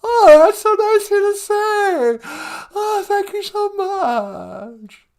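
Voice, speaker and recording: A man voicing a bubbly, starstruck young woman in a high, shrieky squeal with drawn-out words, in a comic phone-call skit. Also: sing-song, a little mellow, heavily acted. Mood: giddy.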